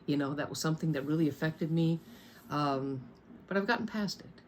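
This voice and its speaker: A woman's voice: deep voice, brisk, slight background noise. A woman in her thirties telling a personal story in a candid storytime vlog from her bedroom, blunt and swearing freely with wry asides. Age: 30s. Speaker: storyteller vlogger. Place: bedroom at home.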